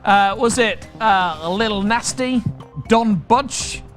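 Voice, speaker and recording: A man's voice: high voice, slow pace, a bit bright, soft background music. A British man hosting a live online quiz, reading out questions and answer options with chatty, jokey patter. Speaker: quiz master.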